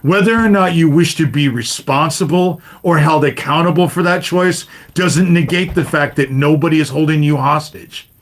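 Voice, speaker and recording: His voice runs a little high, and he talks at a normal speed with hardly any pauses. He's a man in his fifties hosting a livestream, swearing constantly through a rant addressed to his viewers and repeatedly asking "you know?".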